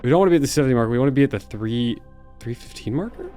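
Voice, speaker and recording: Young male gamer, lively animated pitch, excited self-talking let's-play commentary, faint music underneath. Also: very fast. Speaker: gaming YouTuber.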